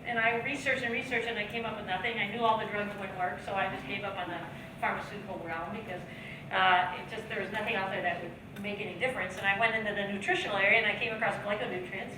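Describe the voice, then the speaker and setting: An American woman in her fifties, a guest speaker and trainer, gives a jokey, chatty seminar talk to a live audience in a large hall, often laughing at her own lines. Her voice is medium-pitched, steady, and quick. The recording is echoey with a distant mic and audience noise.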